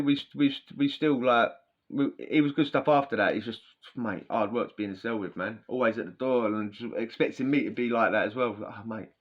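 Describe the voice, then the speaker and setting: A man telling prison stories in a chatty, slangy, rambling way. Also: on the low side. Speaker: podcast host. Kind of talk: casual storytelling. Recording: dull lo-fi sound.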